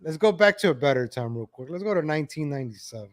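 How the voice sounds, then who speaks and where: A man ranting in exasperation as he comments on videos for his viewers, calling them ladies and gentlemen. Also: on the high side, animated, fast.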